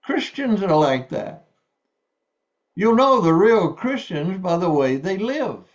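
A man preaches a sermon in a slow, deliberate way, leaning on key words as he reads scripture and explains it. His voice sits a bit high for a man. The recording sounds dull and lo-fi. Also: big pitch swings.

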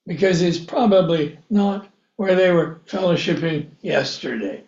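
A man preaching a sermon, reading scripture aloud and acting out biblical characters in a slow, deliberate way. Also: high voice, darkish tone. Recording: echoey room, dull lo-fi sound.

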